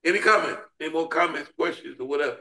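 A man's voice: on the high side, fast, sharp tone, slight background noise. A man leading a Bible study discussion, preaching with an emphatic, repetitive call-and-response cadence. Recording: roomy echo.

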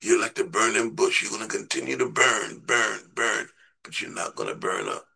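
A man's voice: fairly low pitch, huge pitch swings, moderate pace, creaky, sharp tone, husky. A man preaching a sermon in a conversational way, repeating words and putting questions to his listeners.

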